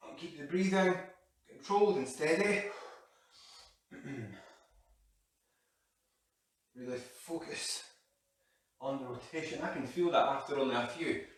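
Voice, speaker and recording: A man leading a live workout while exercising, out of breath and breathing hard as he talks. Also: mid-range voice. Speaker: fitness coach. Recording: echoey room, mic far off.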